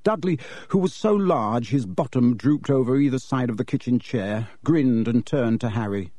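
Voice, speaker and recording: In this scripted audiobook narration, a man with a mid-range voice tells the story in a measured, expressive way. The recording has no echo.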